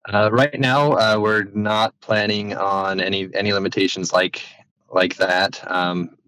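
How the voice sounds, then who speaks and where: Low, flat, bright-toned male developer. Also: no room sound, low-quality recording. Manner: halting, many restarts and fillers. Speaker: game developer answering questions. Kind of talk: casual explanatory talk.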